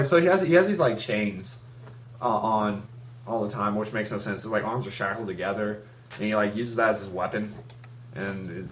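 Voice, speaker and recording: A man's voice: lowish voice, slight background noise. A young man in casual chat, rambling through a story with many restarts and fillers. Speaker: fan recapping a comic.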